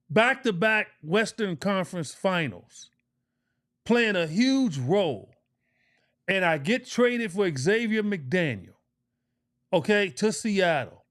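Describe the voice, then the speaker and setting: A middle-aged man who used to play pro basketball co-hosts a podcast, telling a story slowly in a high-pitched, fairly bright voice with big pitch swings. His delivery is casual and emphatic, with swearing and phrases repeated for stress.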